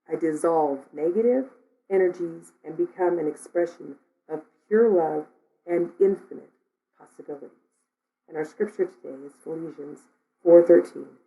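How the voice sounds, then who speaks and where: A woman's voice: fairly low pitch, narrow, tinny audio. A woman minister giving a conversational sermon, telling stories and reading a daily word. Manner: storytelling, conversational.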